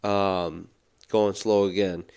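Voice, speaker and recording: A man's voice: deep voice, flat delivery, slow, gravelly, darkish tone, clean tone. A man co-hosting a podcast, telling a story in casual chat and laughing at his own tale. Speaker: podcast co-host.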